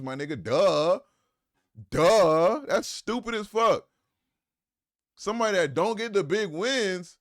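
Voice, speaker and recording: A man streaming live, reacting to a clip with profane, mocking, incredulous commentary. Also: a little high.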